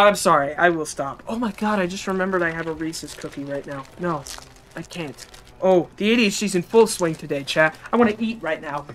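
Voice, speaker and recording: Streamer, excitable and chatty, live gameplay commentary, addresses chat. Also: mid-range voice, fairly quick. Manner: excitable, chatty, talks to chat, reads game text aloud.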